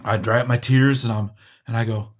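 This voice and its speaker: A middle-aged man giving an earnest, halting personal testimony, full of restarts. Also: mid-range voice, fairly even intonation. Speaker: guest sharing testimony.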